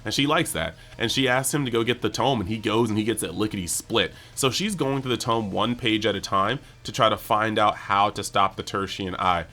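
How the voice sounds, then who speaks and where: A man hosting a casual anime episode breakdown, talking excitably and peppering his speech with "like". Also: lowish voice, fairly quick, few pauses, faint music behind. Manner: excitable, heavy use of "like". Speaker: anime channel host.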